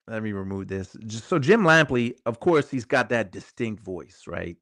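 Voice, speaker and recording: A man's voice: fairly low pitch, very animated, moderate pace, hardly any pauses, fairly bright tone, no room sound, studio quality. A middle-aged man hosting a casual live stream, chatting loosely, reading viewer comments aloud and often repeating his phrases. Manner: rambling, conversational, repeats phrases. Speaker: show host.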